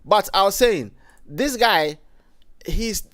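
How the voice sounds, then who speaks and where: A Ghanaian man hosting a casual livestream, his voice sitting a little high for a man. He rambles, thinks aloud and keeps restarting his sentences. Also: animated, moderate pace. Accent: Ghanaian English. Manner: rambling, thinks aloud with frequent self-corrections. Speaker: livestream host.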